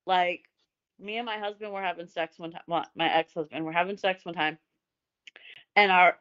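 Loud storytelling woman from Indiana. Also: on the low side, fairly even intonation, normal speed, clean tone, lo-fi sound. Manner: loud, storytelling, swears freely. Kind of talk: casual raunchy chat.

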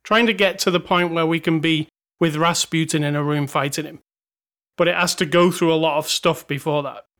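A man's voice: a little high, steady tone, brisk, fairly bright tone. A man co-hosting a podcast, chatting casually and thinking aloud about a movie. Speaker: podcast co-host. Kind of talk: casual film review chat.

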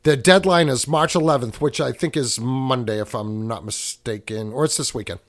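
A man's voice: medium pitch, moderate pace. A man co-hosting a podcast in casual chat, rambling and correcting himself, often leaning on movie references. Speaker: podcast co-host.

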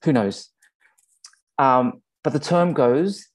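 A man with an Australian accent giving a conversational sermon, often pausing to check in with his listeners. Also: medium pitch, a little mellow. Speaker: pastor.

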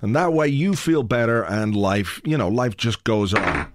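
A man's voice: lowish voice, a little slow, background noise. A man hosting a podcast from his home office, chatting casually in a rambling way, with comic asides and plenty of swearing. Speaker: podcast host. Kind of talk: casual chat. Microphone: home office mic.

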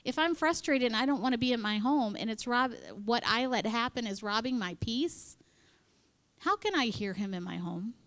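A woman's voice: on the high side, expressive, moderate pace, a bit bright. A woman speaking to a women's church gathering in a chatty, conversational sermon, acting out quoted voices and dropping into whispered asides. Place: in front of a live audience.

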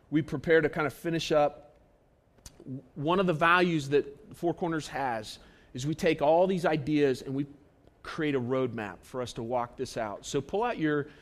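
A man preaching a sermon to his church, earnest and repetitive, swinging between emphatic and hushed delivery. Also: fairly high pitch. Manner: earnest, repetitive, stresses key phrases, shifts between loud and hushed. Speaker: pastor. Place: church auditorium.

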